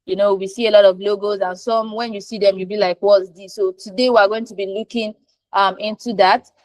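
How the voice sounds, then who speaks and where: A woman's voice: mid-range voice, fairly even intonation, a little fast, no room sound. A woman moderating an online graphic design class, speaking with hesitant fillers and repeated polite requests.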